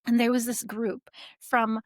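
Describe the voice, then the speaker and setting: A young woman, a podcast guest, telling a personal story in a casual, animated way, laughing often and saying "like" a lot. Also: fairly high pitch, unhurried, no room sound, clean studio sound. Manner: animated, laughs often, many likes and restarts.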